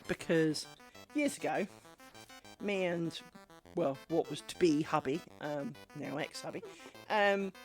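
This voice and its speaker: A woman livestreaming her crafting, chatting and telling rambling anecdotes full of ums. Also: lowish voice. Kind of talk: casual chat while crafting. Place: home craft stream setup.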